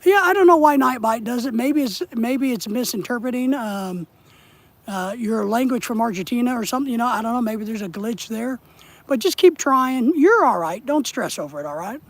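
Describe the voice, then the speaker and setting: Husky man chatting on a fishing stream. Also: very high-pitched, animated, a little fast, no room sound. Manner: rambling, chatty, addresses viewers in chat. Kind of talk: casual live-stream chat. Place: outdoors, fishing.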